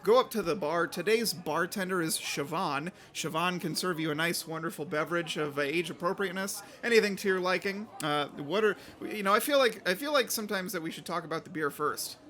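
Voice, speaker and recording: A man's voice: high-pitched, brisk, hardly any pauses, pushed and bright. A man in his thirties co-hosting a podcast, talking casually with a slightly nasal voice and a joking, self-deprecating manner. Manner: jokey, self-deprecating, with frequent fillers. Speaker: podcast co-host.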